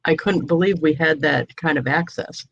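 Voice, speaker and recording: A woman's voice: sits low, normal speed, vocal fry, breathy edge, no echo, muffled recording. A woman from New England hosting a casual video chat, telling anecdotes and laughing often. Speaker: host.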